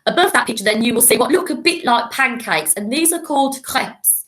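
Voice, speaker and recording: A woman speaks to young children in a clear, patient and encouraging voice. Her voice sits a little high. She sounds like a primary school teacher recording a lesson. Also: animated, fairly quick, a bit bright.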